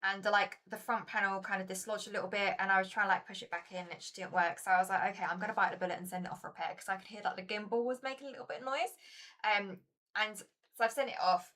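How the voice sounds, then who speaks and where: A woman's voice: medium pitch, steady tone, fast, bright, forceful tone. A woman chatting casually to her viewers while playing a board game, chatty and self-mocking.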